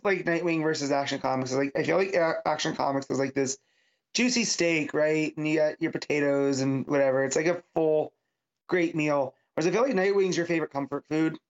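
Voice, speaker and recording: A man's voice: a little high, normal speed. Male co-host, enthusiastic and chatty, muffled lo-fi sound. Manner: chatty, enthusiastic, frequent fillers. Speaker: podcast co-host. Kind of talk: casual comic book discussion.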